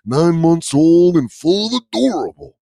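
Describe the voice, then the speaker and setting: A man's voice: a little high, sing-song, vocal fry, warm tone, dry recording, clean studio sound, voice pushed up. A man putting on the voice of a hyped-up pro wrestler who growls "yeah" between lines. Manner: growled hype with drawn-out "yeah". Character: gravelly pro wrestler impression, male, hyped.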